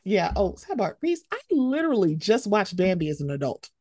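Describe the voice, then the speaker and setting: A young woman hosting a podcast in casual chat, animated and jumping into high, excited voices as she tells stories. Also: a little fast, slightly rough, no echo, studio quality. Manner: animated, swings into high excited voices when quoting herself. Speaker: podcast host.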